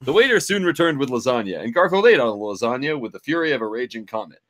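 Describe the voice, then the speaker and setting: A man reading a silly novel aloud, narrating in a mock-dramatic, deadpan way. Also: mid-range voice, fast talker.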